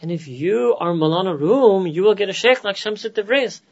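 A man with an American accent giving an animated religious lecture to a gathering, often asking "right?" and dropping in Urdu phrases. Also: high voice, normal speed, muffled recording. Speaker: Islamic teacher.

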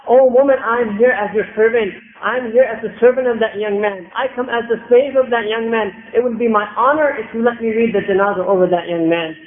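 A man's voice: very high-pitched, fairly quick, few pauses. A man voicing a humbled, elderly male sheikh who speaks in a solemn, earnest way, recorded with echo on a tinny line. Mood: humble. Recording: echoey tinny phone-like recording.

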